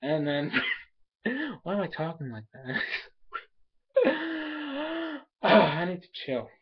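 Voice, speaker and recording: A young man talks through an episode in a loose, rambling recap, piling on fillers and tangents. His voice sits a little high for a man. The recording is dull and lo-fi, like a cheap home mic. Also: slow, husky. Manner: rambling, animated, filler-heavy, laughs often. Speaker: anime episode reviewer.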